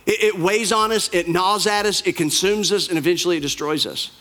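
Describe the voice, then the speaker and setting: High-voiced preaching man. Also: fairly quick, sharp tone. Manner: emphatic, repetitive preaching with rising intensity. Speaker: pastor. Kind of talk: sermon.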